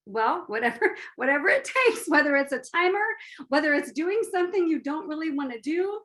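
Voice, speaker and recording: A woman's voice: sits high, animated, a little fast, a bit bright. A middle-aged woman giving a chatty, upbeat training talk on a video call, speaking straight to her audience. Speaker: business team trainer. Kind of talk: live online training talk.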